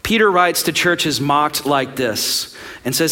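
A man preaching a sermon as pastor, earnest, with slow emphatic phrases that sometimes sink to a soft, quiet delivery. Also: on the high side, animated.

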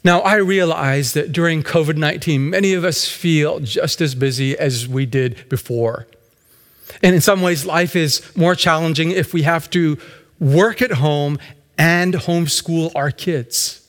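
Male pastor, reflective sermon delivery, voice a little high, long echo around him. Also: measured pace, a bit bright.

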